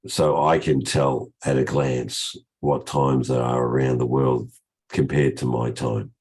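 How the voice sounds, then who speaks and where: An older man with a croaky voice from a cold, hosting a casual trading session over a video call, chatty and rambling with frequent restarts. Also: extremely low pitch, flat delivery, unhurried, darkish tone.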